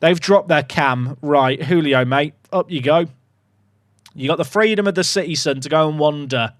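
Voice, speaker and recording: A young man streaming a football management game, commentating casually with sarcastic, excitable swings. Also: fairly high pitch, moderate pace, dry recording, studio quality. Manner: animated, sarcastic, swings between excitement and mock despair. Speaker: gaming streamer.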